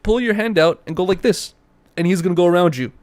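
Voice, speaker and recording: A young man co-hosting a casual podcast, telling animated stories with heavy slang and acting out quotes. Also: high voice, quick pace, dry recording. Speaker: podcast co-host. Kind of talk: casual chat.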